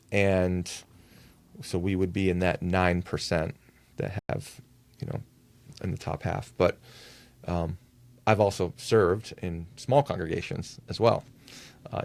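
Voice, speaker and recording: Low gravelly-voiced male pastor. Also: a little mellow. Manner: thoughtful, measured, with frequent fillers. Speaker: lead pastor, podcast guest. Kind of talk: conversational podcast interview.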